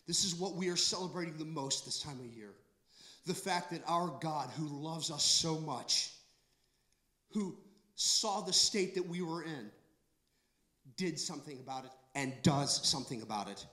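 A man preaching a sermon, emphatic and repetitive, swinging between soft, slow passages and loud outbursts. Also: fairly high pitch. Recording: echoey room.

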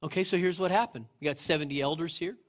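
Male pastor, middle-aged, conversational sermon delivery, lively scripture storyteller, a touch high-pitched. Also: fast talker. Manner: conversational, asks the congregation questions. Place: church sanctuary.

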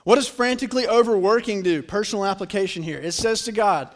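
Young male pastor, light high voice, chatty sermon with acted-out bits. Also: a little fast, few pauses. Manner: conversational, animated storytelling with acted-out voices.

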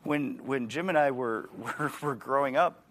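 Speaking a little slowly at medium pitch, this Wisconsin-accented man in his 40s delivers a sermon like a conversation, putting questions to the audience and restarting words. His tone is a bit bright, with a slight hiss or hum in the recording.

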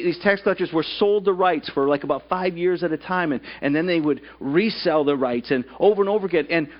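A man's voice: sits high, lo-fi sound. A male pastor preaching a sermon at a church service, putting rhetorical questions to the congregation.

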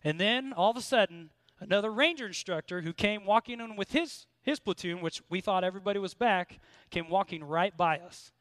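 High-pitched man, American accent, sermon, earnest and rising, dry close mic. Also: brisk, a bit bright, no echo. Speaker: preacher. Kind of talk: sermon with personal story.

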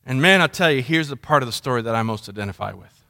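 A man's voice: medium pitch, expressive, fast, sharp tone. A middle-aged man preaching a sermon as pastor, conversational and full of storytelling. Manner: conversational storytelling, mimics sounds.

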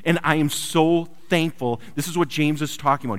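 A man preaching a sermon built around a personal story, swinging from loud urgent lines to quiet hushed ones. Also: on the high side, fairly quick, hardly any pauses. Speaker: pastor. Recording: long hall reverb.

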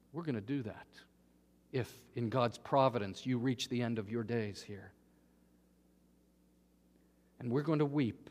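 A man preaching a sermon, earnest, dropping to a hush and then rising to emphatic peaks. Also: fairly high pitch, a little slow. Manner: earnest, swings from hushed to emphatic. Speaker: pastor. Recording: long hall reverb.

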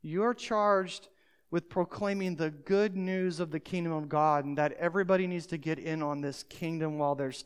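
The pastor's voice is medium-pitched, clear, and resonant, ringing with a long hall reverb. He preaches emphatically, speaking straight to the people listening.

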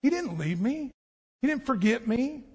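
A man with a high, light voice preaches a sermon, telling the story with animation and acting out the voices of its people. His words ring out with a long reverb trailing behind them, like a church sanctuary. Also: big pitch swings, moderate pace, slightly rough. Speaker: pastor.

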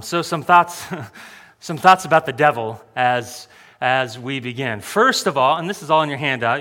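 A man's voice: mid-range voice, bright, forceful tone, long reverb tail. A male pastor preaching a sermon in a joking, self-deprecating way, often laughing at his own remarks.

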